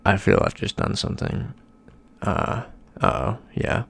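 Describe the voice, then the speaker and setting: Creaky-voiced young American man streaming. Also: on the low side, expressive, a little slow, a bit bright. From United States. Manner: chatty, reads out chat messages. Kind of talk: casual live-stream chat.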